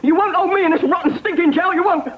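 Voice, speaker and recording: An actor playing a desperate petty thief in a TV comedy sketch, pleading in a shrill, defiant whine. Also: male voice, fast. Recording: dull lo-fi old TV audio.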